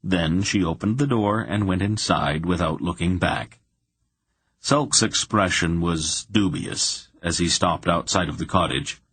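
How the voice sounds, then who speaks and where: Deep, slow, gravelly male narrator. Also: fairly bright tone, no echo. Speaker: audiobook narrator. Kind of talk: scripted fantasy narration.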